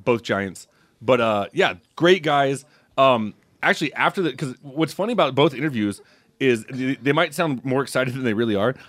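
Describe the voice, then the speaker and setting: A man's voice: medium pitch, fairly bright tone, no echo. A man from the United States interviewing actors in a casual press junket style, chatty, laughing often and swearing freely. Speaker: entertainment interviewer.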